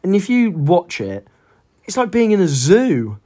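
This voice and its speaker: A man's voice: high voice, sing-song, measured pace, dark tone. A young man co-hosting a podcast, rambling through joking casual chat. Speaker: podcast co-host.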